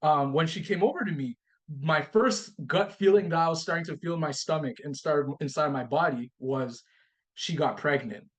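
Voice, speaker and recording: A man on a podcast as a guest relates a personal story at a moderate pace, his voice on the high side. He tells it in an animated way, acting out both sides of the talk and repeatedly restarting and repeating phrases.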